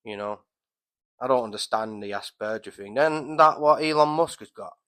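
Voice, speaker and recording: A man's voice: mid-range voice, moderate pace, bright, forceful tone, clear, resonant tone, rough recording. A man telling a rambling, swear-filled story at home as a podcast host, full of restarts and fillers. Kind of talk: casual storytelling monologue. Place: at home, by a window on a street.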